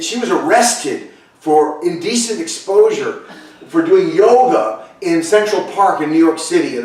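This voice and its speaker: A man's voice: on the high side, darkish tone, distant mic. An older man preaching a conversational sermon, telling stories with chatty asides and restarts. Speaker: pastor. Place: church sanctuary, echoey room. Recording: echoey room, voice from off-mic.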